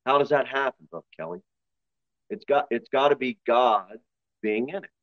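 A man with a Northern US accent, a pastor giving a sermon in a conversational style with quick asides and voiced impressions. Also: mid-range voice, no room sound, highs cut off. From northern United States.

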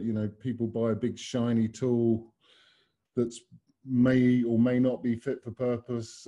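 A man's voice: medium pitch, warm tone. A man hosting and presenting a webinar over a video call, talking in broad, expansive metaphors. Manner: expansive, fond of extended metaphors. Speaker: webinar host and consultant.

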